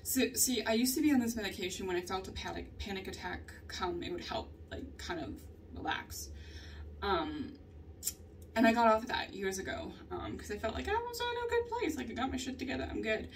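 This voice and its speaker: A woman's voice: fairly high pitch, big pitch swings, a little fast. A young woman talking candidly in a casual vlog, swearing often and laughing through her stories. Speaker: vlogger. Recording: distant mic with faint ambient noise.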